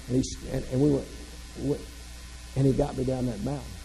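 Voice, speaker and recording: A man's voice: medium pitch, steady tone, fast, mellow, big-room sound, slight background noise, rough recording. A man from the American South, giving a motivational keynote full of folksy, self-deprecating humor. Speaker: motivational speaker.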